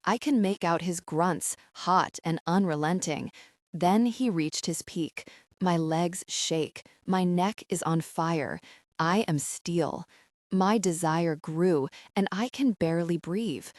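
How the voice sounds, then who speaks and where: A woman narrating a romance audiobook in the first person, slowing down and lingering over the heated passages. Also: on the low side, no room sound, studio quality.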